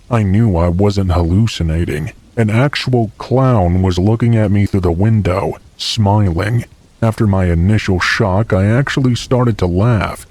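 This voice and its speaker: A man calmly narrating a scripted first-person horror story. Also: on the low side.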